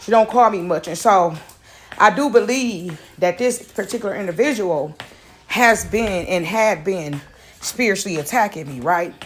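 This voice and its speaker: A woman's voice: medium pitch, moderate pace, a little hiss or hum. Out-of-breath chatty woman. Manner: chatty, keeps asking "right?". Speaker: vlogger. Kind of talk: casual spiritual vlog chat. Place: in a house with her dog.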